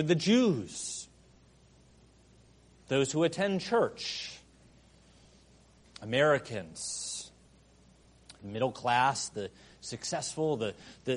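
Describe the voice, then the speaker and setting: Middle-aged male pastor, high voice, preaching with sudden swings from hushed asides to loud emphasis. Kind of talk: sermon.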